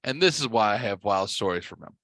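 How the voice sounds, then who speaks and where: A man hosting a podcast who tells stories in a rambling, foul-mouthed way, a bit tipsy from drinking, his voice jumping high when he gets excited. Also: a little fast, no echo. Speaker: podcast host. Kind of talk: casual storytelling.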